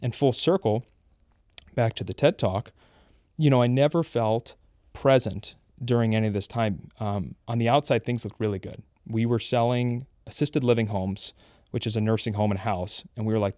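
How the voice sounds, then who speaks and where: Guy in his 30s sharing his story, earnest and open, mellow low-key tone, dry close mic. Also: moderate pace, dry recording. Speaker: guest. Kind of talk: candid personal testimony.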